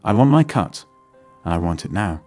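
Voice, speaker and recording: Snarling middle-aged loan-shark villain, low and dry, read by a male narrator for an audiobook story. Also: sing-song, normal speed, darkish tone, no echo, soft background music. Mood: menacing. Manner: snarling, threatening.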